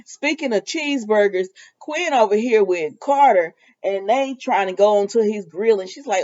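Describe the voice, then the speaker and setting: A woman's voice: mid-range voice, normal speed, few pauses, a little mellow, dull audio. A woman giving a casual, sassy recap of a soap opera episode. She laughs often and talks back to the characters.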